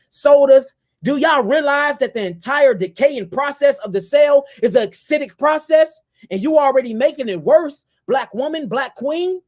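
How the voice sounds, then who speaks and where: Ranting in an extremely high-pitched voice with a darkish tone, a male host gives his viewers a passionate, fiery lecture. He keeps repeating himself and addresses listeners as family and y'all.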